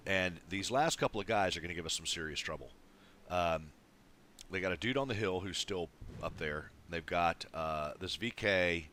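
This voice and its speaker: A man's voice: deep voice, bright, forceful tone, slight background noise. A man casually commenting on a replay of his own game, laid-back and swearing freely. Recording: game sounds of gunfire and engines behind. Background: tank battle game sounds, artillery fire.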